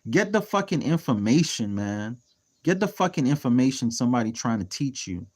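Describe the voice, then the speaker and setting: A man's voice: mid-range voice, big pitch swings, normal speed, darkish tone. A man talking casually on a livestream as a real estate mentor, blunt and heavily profane, flaring into heated rants. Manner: heated ranting in bursts.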